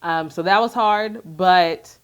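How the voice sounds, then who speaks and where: A woman talking candidly to camera in a soft, reflective way, with many fillers. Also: lowish voice, slow pace, clean tone. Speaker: vlogger sharing her grief. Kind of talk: candid personal talk to camera.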